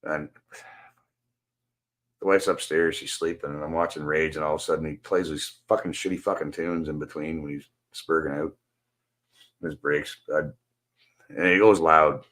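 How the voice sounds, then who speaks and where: Deep-voiced man ranting profanely. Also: fairly even intonation, moderate pace, pauses often, a bit bright. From Canada. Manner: profane, venting. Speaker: stream host. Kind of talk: casual rant to a guest.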